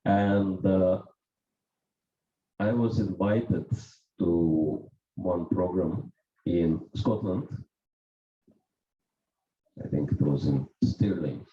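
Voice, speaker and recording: Russian-accented man, slow mellow delivery, preaching in an echoey home, dull lo-fi recording. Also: deep voice. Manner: slow, deliberate anecdote with light chuckles. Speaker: visiting monk giving a scripture class. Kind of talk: storytelling sermon. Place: home gathering indoors. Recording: roomy, dull lo-fi room recording.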